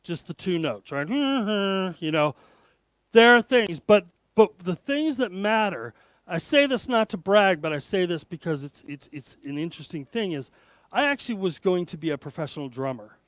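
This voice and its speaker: A man's voice: high-pitched, normal speed, no room sound. A middle-aged man giving a motivational conference talk, telling humorous self-deprecating stories. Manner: storytelling, self-deprecating jokes, lively delivery. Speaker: conference speaker.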